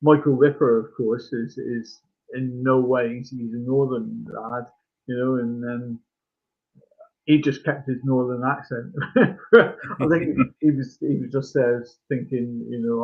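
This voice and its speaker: A man co-hosting a podcast, chatting casually about an old film, full of halting restarts and fillers. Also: mid-range voice, steady tone. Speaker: podcast co-host. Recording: tinny phone-like line.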